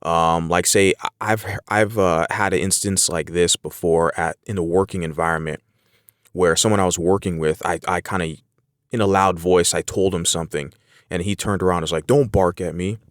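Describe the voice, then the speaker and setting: Deep-voiced man teaching an English lesson. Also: moderate pace, smooth, no room sound, studio quality. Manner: relaxed, explains with everyday examples, frequent fillers. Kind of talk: casual spoken lesson.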